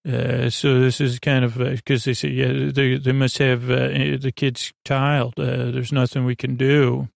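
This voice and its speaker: A man casually recapping a TV episode as a podcast host, rambling and halting with many restarts. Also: medium pitch, flat delivery, gravelly, no room sound, studio quality.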